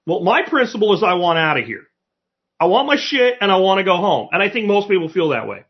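A man's voice: high voice, big pitch swings, brisk, husky, highs cut off. A man hosting a solo podcast, blunt and opinionated, swearing casually as he rants. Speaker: podcast host.

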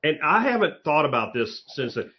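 A man telling a story in casual conversation, his voice rising and falling in a lively, expressive way. He sounds a little above average in pitch, cursing now and then without thinking about it. The recording is slightly muffled and lo-fi. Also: normal speed. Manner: animated storyteller, swears casually.

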